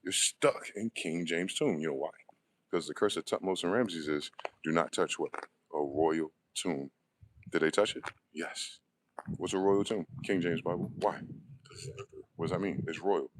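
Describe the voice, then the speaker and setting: A man with a low-pitched voice delivers a heated, profane monologue. He fires off questions and answers them himself in a confrontational way. Faint noise and clicks sit under the recording. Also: normal speed, rough recording. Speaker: online video host. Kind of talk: ranting monologue.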